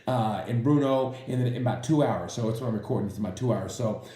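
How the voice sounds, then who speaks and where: Male comic race reviewer, rambling and animated, mellow voice in an echoey room. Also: mid-range voice, quick pace. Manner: rambling, animated, acts out quotes in silly voices. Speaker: racing commentator. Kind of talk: casual comedic race review.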